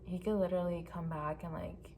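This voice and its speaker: A woman's voice: on the low side, steady tone, a little fast, darkish tone, a little hiss or hum. Young woman venting in a frank ramble. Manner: rambling, peppered with "like", frank and profane. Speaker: vlogger. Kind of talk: casual storytime vent.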